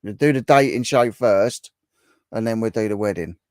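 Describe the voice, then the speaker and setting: A man's voice: lowish voice, normal speed, a little mellow, dry recording, studio quality. Chatty man on a livestream. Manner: chatty, repeats himself, banters with viewers. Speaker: livestream host. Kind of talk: casual live-stream chat reading viewer comments.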